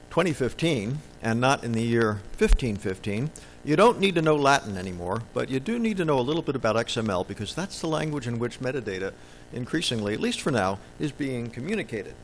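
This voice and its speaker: Lively, joking man presenting at a conference. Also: mid-range voice, fairly quick, slight background noise, low-quality recording. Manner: playful, jokey, quizzes the audience. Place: conference session room.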